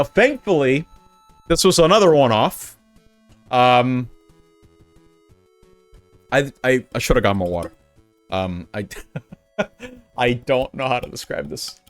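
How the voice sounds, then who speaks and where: A man's voice: mid-range voice, no room sound. Young male streamer, casual rambling commentary, lots of restarts, dry close sound, faint music underneath. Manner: rambling, with frequent restarts and filler; gets excited and laughs when recalling fun moments.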